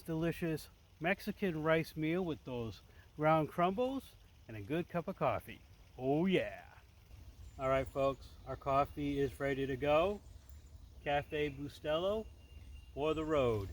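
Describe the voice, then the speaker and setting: A man's voice: on the high side, animated, a little slow, poor audio. A man vlogging outdoors by a waterfall in a forest, talking to viewers casually and with enthusiasm, calling them folks. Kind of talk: casual nature vlog, talking to camera. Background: running water.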